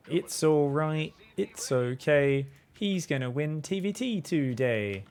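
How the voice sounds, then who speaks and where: A man's voice: mid-range voice, vocal fry. A man, casually commentating a strategy game and chatting with viewers in a rambling, laid-back way. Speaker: StarCraft coach and streamer.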